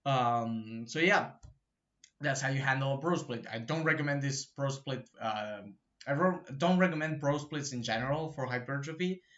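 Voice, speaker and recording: A man's voice: mid-range voice, moderate pace, fairly bright tone, muffled recording. A man hosting a fitness channel, explaining training in a loose, profane way with lots of fillers and "right?" tags. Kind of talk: casual explainer talk to camera.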